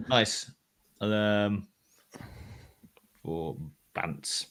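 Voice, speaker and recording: A man hosting a live podcast, chatting casually and joking with laughs and quick asides. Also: on the low side, lively intonation, vocal fry. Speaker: podcast host.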